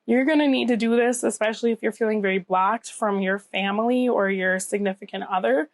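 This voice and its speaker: A woman gives a casual tarot reading to camera in a brisk, mid-range voice with no echo. Getting over a cold, she sounds a bit scratchy and nasal, and she reassures the viewer, often checking in with "okay?".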